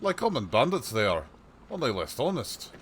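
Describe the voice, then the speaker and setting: A man's voice: medium pitch, huge pitch swings, normal speed, slight background noise. A man doing a chatty old peddler. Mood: folksy. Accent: put-on rustic accent. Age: older. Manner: rustic folksy dialect, rambling storyteller. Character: chatty old male peddler, folksy and shrewd. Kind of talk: reading game dialogue aloud on a livestream.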